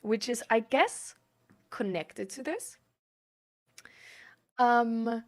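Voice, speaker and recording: A woman's voice: on the high side, expressive, drawn-out words. A young woman streaming and answering chat questions in casual talk, rambling with lots of "like" and "um". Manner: rambling, fills every phrase with "like" and "um".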